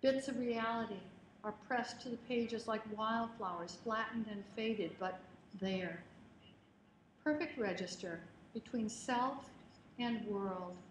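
Woman reading memoir aloud in an echoey hall. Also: a little high. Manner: measured, expressive reading with lingering phrases. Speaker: author giving a public reading. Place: lecture hall at a reading event. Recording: roomy hall, faint noise, livestream.

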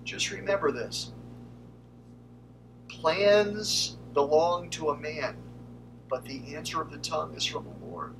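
A man's voice: on the high side, slow, creaky, pauses often, recorded from a distance, background noise. A man preaching a conversational sermon to his congregation as pastor.

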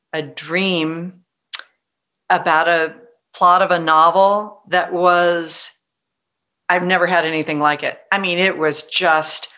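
A middle-aged woman novelist telling stories in a conversational interview, animated and full of restarts. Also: on the low side. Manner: animated, frequent restarts, quotes others in lively voice. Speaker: novelist guest.

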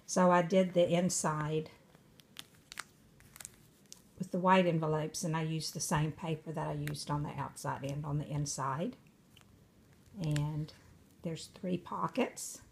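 Older woman, somewhat low voice, casual craft vlog, chatty, unhurried, frequent fillers. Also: steady tone, vocal fry, slight background noise. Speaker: craft vlogger. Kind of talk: casual craft show-and-tell. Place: away from her home craft room.

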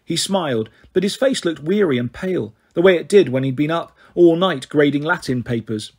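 A man narrating a first-person audiobook with steady, quick storytelling. His voice is husky and sits a little high for a man. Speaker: audiobook reader.

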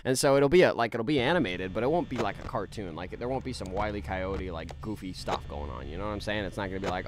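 A man's voice: on the low side, expressive, quick pace, hardly any pauses, a little hiss or hum. A man streaming a game live, rambling in a laid-back way with many restarts as he reads out chat. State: tired.

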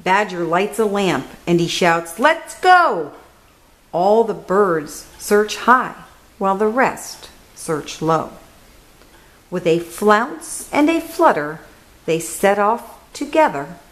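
A woman reading a children's picture book aloud, slow and expressive, dropping to a hush on key words. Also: medium pitch, low-quality recording.

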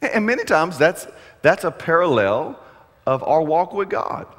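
Brief: middle-aged male pastor, animated and bright, preaching in a long-echo hall. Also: on the high side, measured pace. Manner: chatty storytelling with humor. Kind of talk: sermon. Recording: echoey hall.

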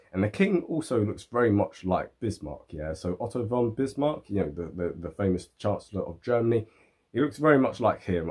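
A man talks through a film review in loose, conversational style, full of fillers and asides. His voice sits a little low and sounds husky, and he keeps asking the listener to agree. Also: darkish tone. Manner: rambling, filler-heavy, seeks agreement.

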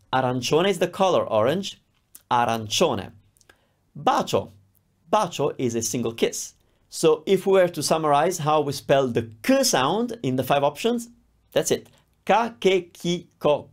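Lively Italian-accented man teaching a lesson. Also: on the high side. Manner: lively, sounds words out slowly and repeats them. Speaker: language teacher. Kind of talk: scripted lesson to camera.

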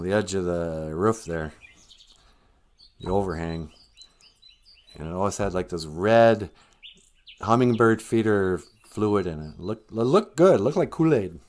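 A man's voice: on the low side, a little mellow. Chatty, chuckling middle-aged male storyteller. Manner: chatty and chuckling, with frequent restarts. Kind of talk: casual spoken storytelling.

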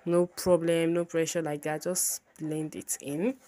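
Bubbly, low-voiced woman teaching makeup. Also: flat delivery, measured pace, dark tone. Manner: chatty, bubbly, repeats herself often. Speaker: makeup tutorial host. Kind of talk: casual makeup tutorial talk.

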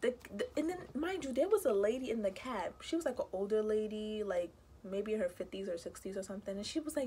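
A young woman telling a story casually to her viewers, animated and indignant, acting out the people in it. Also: medium pitch, fast talker, slight background noise. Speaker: vlogger.

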